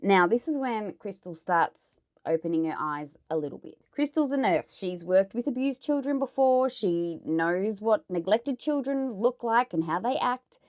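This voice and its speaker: A woman's voice: mid-range voice, expressive, measured pace, hardly any pauses, darkish tone. An Australian woman telling a true crime story in a casual, chatty way, blunt and swearing as she editorialises.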